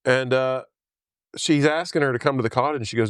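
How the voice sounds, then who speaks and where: A man's voice: medium pitch, fairly quick, clear, resonant tone, no room sound, clean studio sound. A man casually recapping a film on a podcast, rambling with many fillers and frequent laughs. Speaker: podcast host. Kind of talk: casual movie recap chat.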